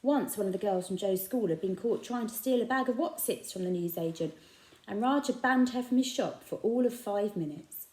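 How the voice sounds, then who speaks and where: A woman's voice: medium pitch, moderate pace. A woman reading a children's novel aloud, telling it with expression. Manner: expressive storytelling. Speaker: reader. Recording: echoey room.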